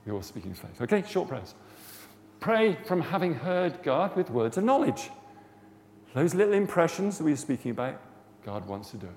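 With a voice on the high side, a little mellow, and full of big pitch swings, a male preacher speaks at a moderate pace in an informal sermon on healing prayer. He chats and tells stories before rising to fervent emphasis, and the recording has long hall reverb plus faint background noise.

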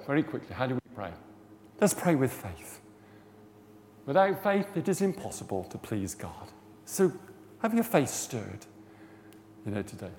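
A male preacher with a medium-pitched, creaky, darkish voice gives an informal sermon teaching on healing prayer, chatty and full of stories, building to fervent emphasis. Long hall reverb and faint background noise are present.

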